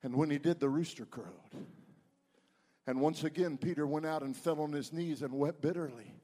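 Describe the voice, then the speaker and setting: A man with a high voice preaches a sermon, his delivery swinging from loud bursts to hushed tones. The sound rings with a long reverb from a church sanctuary. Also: moderate pace. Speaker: pastor.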